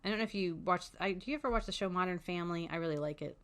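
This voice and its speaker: A woman's voice: on the low side, very fast, fairly bright tone. A middle-aged woman hosting an advice show, talking frankly and casually, with fillers and the odd swear word. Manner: frank and chatty, with swearing and many "um"s. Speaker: special education advocate, podcast host.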